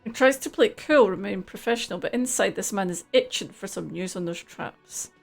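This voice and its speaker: A woman's voice: medium pitch, expressive, fairly quick, creaky, faint music behind. A woman streamer reading video game dialogue aloud, with dry, wry asides.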